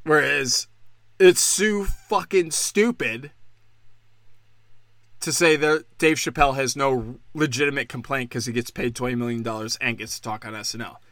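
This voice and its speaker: On a solo podcast, a man delivers a profane rant full of anger, sarcasm and constant swearing. His medium-pitched voice is fairly bright and moves at a normal speed, with clean studio sound and no room ambience.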